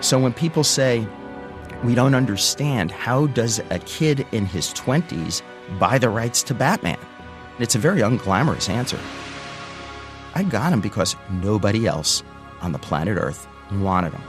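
A man with a low, steady voice tells his own story in a lively way. He switches into the voices of the people he quotes. Guitar music plays clearly under his speech. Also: a little slow. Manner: animated, acts out quoted voices. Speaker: storyteller recounting his career. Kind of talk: spoken personal storytelling.

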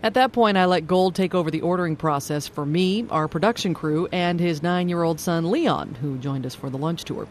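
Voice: mid-range voice, normal speed, hardly any pauses. A radio host with a mid-range voice reads polished narration and then slips into friendly, curious questions for a guest. The talk is taped in a car and later at a restaurant table, with faint road noise underneath. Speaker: radio show host and reporter. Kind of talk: scripted narration mixed with casual interviewing. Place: inside a car at a drive-thru, then a restaurant.

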